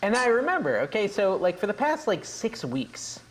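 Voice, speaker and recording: A man's voice: high voice, big pitch swings, moderate pace, a little hiss or hum. A man co-hosting a podcast, telling a story in a casual chat with lots of laughter. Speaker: podcast co-host.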